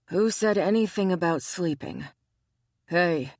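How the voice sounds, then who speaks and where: Laid-back bear shifter guy, low, kinda sheepish, woman narrator reading him. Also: slow pace, dry recording, studio quality. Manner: sheepish, defensive. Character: adult man, easygoing bear shifter, defensive.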